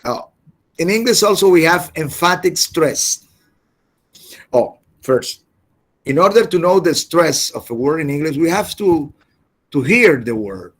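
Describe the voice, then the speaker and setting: A man teaching an English class over a video call, halting and often repeating words as he explains. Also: a little high, animated. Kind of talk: online class lecture.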